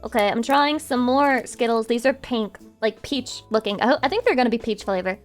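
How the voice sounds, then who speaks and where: High-voiced playful woman streamer. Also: a little fast. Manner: playful, teasing, with sudden squeaky high outbursts. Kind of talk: casual chat reacting to viewers. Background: faint music.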